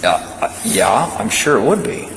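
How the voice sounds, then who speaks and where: A male police officer calmly walking someone through a breath test in a station room, patient and reassuring. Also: medium pitch, normal speed, gravelly. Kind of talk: calm instructions during a breath test. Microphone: body camera. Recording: echoey room with loud ambient noise.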